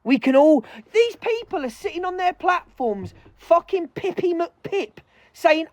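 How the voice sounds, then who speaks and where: A woman's voice: sits high, animated, unhurried, a little mellow, no echo. A woman streaming live, furiously ranting with heavy swearing and calling out other creators. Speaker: livestreamer. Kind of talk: angry livestream rant.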